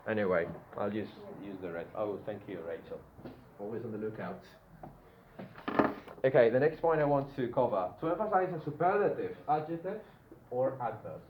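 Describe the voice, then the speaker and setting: A man's voice: medium pitch, sing-song, moderate pace. A man gives a grammar lesson to a classroom, often stopping to check in with the students. The sound is echoey and phone-like, with a faint hiss under his voice. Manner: checks in with the class, frequent "yeah?". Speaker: teacher.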